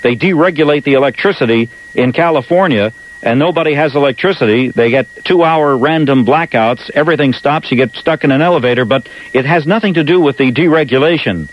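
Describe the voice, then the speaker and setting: A man's voice: fairly high pitch, fairly quick. A man with a New York accent hosting a talk radio show, talking emphatically and repeating words when he presses a point. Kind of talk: talk radio monologue and calls. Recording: dull archival AM radio with faint hiss.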